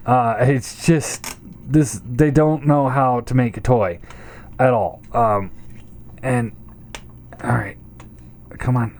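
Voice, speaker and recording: A man's voice: mid-range voice, darkish tone, a little hiss or hum. Frustrated man ranting through a toy review. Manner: frustrated, ranting, swears often; stammers and repeats himself. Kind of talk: casual hands-on toy review.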